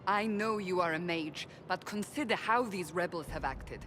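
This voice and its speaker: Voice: medium pitch, moderate pace, a bit bright, close to an everyday voice. Woman playing a stern no-nonsense game warrior, firm voice, some noise behind. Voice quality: blunt, firm.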